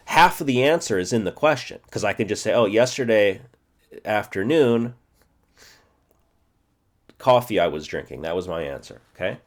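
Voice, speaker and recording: A man in his forties teaching a self-study language lesson, thinking aloud, checking himself and repeating phrases slowly. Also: lowish voice. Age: 40s.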